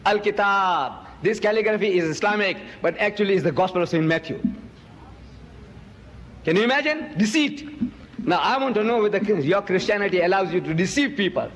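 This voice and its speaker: A man giving an emphatic, accusing public lecture, jumping sharply up in pitch on key words. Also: expressive, fairly quick, long reverb tail, a little hiss or hum. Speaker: Muslim preacher and debater.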